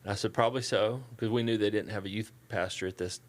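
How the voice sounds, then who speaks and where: A middle-aged man with a Southern US accent, a church staff member telling relaxed, folksy stories in an interview and acting out the dialogue. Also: fairly low pitch, fast. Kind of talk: casual storytelling interview.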